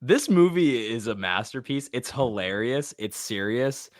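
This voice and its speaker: A man's voice: medium pitch, measured pace, dry recording, studio quality. A man who is a guest on a podcast, chatting casually and telling stories with enthusiasm. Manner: enthusiastic, animated storyteller.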